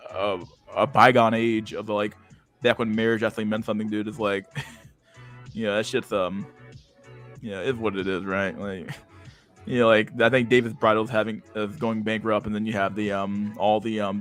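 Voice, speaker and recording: A man's voice: on the low side, fairly bright tone. A man hosting a casual livestream chat, rambling and crude, packed with internet slang. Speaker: livestream host.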